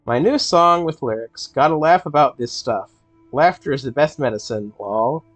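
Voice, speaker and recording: A man hosting a casual game let's play, reading in-game texts aloud and puzzling over them with a playful, thinking-out-loud manner. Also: medium pitch, moderate pace, no room sound, faint music behind. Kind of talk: casual gameplay commentary.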